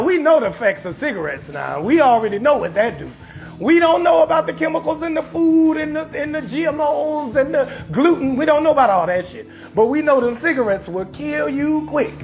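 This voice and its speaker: A man with a New Orleans accent hosting a live-streamed comedy talk show, rowdy and profane as he riffs on viewer comments and roasts them. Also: very high-pitched.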